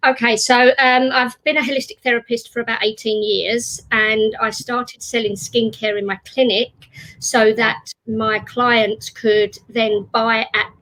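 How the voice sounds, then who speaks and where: A woman's voice: on the high side, flat delivery, unhurried, fairly bright tone, poor audio. A woman guest, a holistic therapist, answering interview questions in a cheerful, friendly way.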